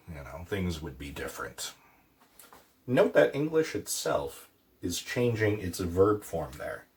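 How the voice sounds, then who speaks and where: Playful man explaining grammar, lively pitch. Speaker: Irish language teacher. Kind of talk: casual online language lesson.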